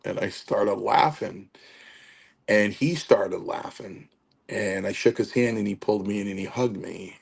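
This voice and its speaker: Gravelly low-voiced man in his sixties. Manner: animated, acts out quotes, many fillers. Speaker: guest, retired pro wrestler. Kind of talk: casual storytelling.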